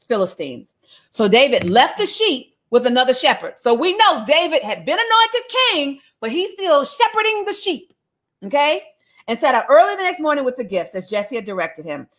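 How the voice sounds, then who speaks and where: Animated woman teaching a casual Bible study, reading aloud and commenting, with a bright, high voice. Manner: lively and conversational, breaks off reading to comment.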